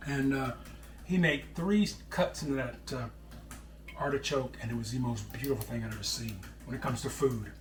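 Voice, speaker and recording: A man's voice: medium pitch, normal speed, reverberant, recorded from a distance. A middle-aged man hosting a home cooking show, chatting casually as he preps vegetables and calls people "brother.". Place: home kitchen.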